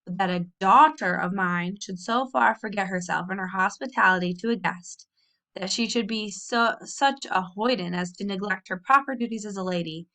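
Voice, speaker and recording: A woman's voice: mid-range voice, normal speed, pushed and bright. A woman reading aloud and voicing a stern, proper pioneer mother who scolds in a severe tone.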